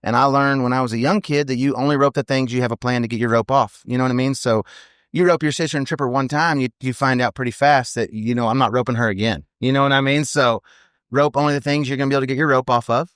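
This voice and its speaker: A man in his thirties, a professional team roper, telling stories in a casual, animated podcast interview and often tacking on "you know what I mean". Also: mid-range voice, fast talker, smooth, dry recording, studio quality.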